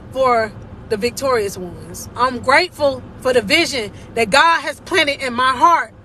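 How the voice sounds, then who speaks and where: A woman's voice: sits high, sharp tone, a little hiss or hum. A woman life coach giving an emphatic, preachy motivational faith talk and laughing often, speaking from a car.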